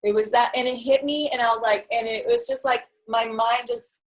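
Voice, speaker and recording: A young woman in casual conversation, telling her story in an animated way and acting out what others said. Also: fairly high pitch, normal speed, poor audio. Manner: animated storyteller, acts out quotes. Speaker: guest.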